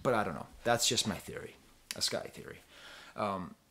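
At normal speed, the man's voice sounds pushed and bright as he casually reviews an album. A music reviewer, he rambles, breaks off mid-thought, trails off and sings snippets in falsetto.

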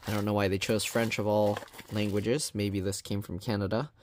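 A man casually reviewing a food product on his vlog, reading the label aloud in a plain, even way with chatty asides. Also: lowish voice, moderate pace, a little hiss or hum.

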